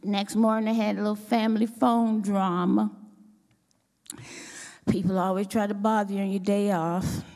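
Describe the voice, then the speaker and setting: A woman sharing a testimony at church, telling her story with animated, expressive delivery. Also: normal speed, pauses often. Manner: expressive, acts out her own quotes with sudden pitch jumps. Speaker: church speaker giving a testimony. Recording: long hall reverb.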